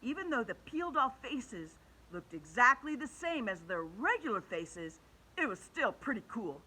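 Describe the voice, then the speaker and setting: Lady reading a kids book out loud, super bouncy and bright, does little voices for everyone. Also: fairly high pitch, moderate pace, breathy edge, low-quality recording. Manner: animated, changes voice for characters. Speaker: children's book reader. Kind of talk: storybook read-aloud.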